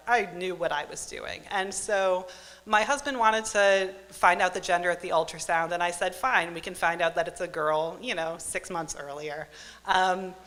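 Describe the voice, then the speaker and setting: A woman's voice: lowish voice, a bit bright. A woman in her thirties telling a wry, self-mocking true story on stage at a live storytelling event. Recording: live hall with long reverb.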